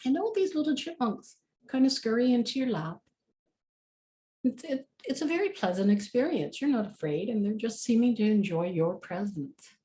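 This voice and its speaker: A woman's voice: fairly high pitch, expressive, normal speed, warm tone. A woman leading a guided meditation in a casual, chatty way with many fillers.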